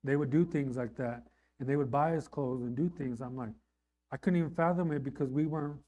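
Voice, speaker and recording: Warm-toned man preaching conversationally. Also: fairly quick. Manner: conversational preaching, frequent "right?" asides; rises in pitch and volume on emphatic lines. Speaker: pastor. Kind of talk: sermon.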